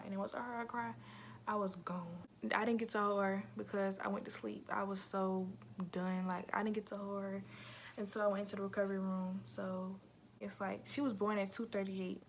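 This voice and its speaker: Young female vlogger, casual and slangy, gravelly fry, slips into soft whispers. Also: mid-range voice, noisy background. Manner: slangy, addresses viewers as y'all, often drops to a soft whisper. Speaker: vlogger telling her birth story. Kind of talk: casual storytime to camera.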